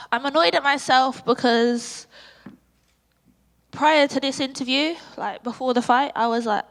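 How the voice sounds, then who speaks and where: An English woman fighter with a squeaky voice, chatting self-critically in a post-fight press conference with many ums. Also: a little slow, long reverb tail. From England.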